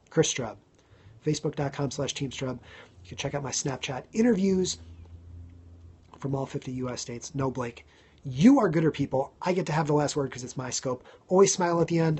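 Chatty husky man hosting a live stream. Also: medium pitch, a little mellow. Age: 30s. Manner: chatty, thanks viewers by name, lots of ums. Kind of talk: casual live-stream chat.

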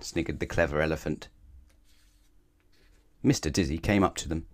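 A man reading a children's storybook aloud in an expressive, sing-song way. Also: deep voice, brisk, long pauses.

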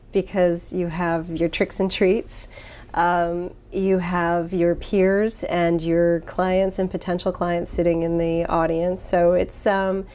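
A woman trial lawyer, a guest in an interview, answering with enthusiasm and lively storytelling. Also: on the low side.

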